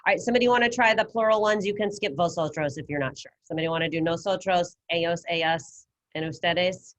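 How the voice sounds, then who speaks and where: A woman's voice: fairly low pitch, fast. Patient woman teaching an online class. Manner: patient, encouraging, explains step by step. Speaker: Spanish teacher. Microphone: computer mic on video call.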